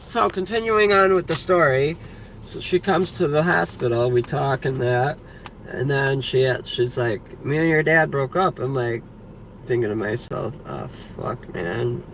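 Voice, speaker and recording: A man's voice: mid-range voice, unhurried. A man telling a story in an angry, profane vlog rant, rambling and restarting often. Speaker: vlogger. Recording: lo-fi with faint background noise.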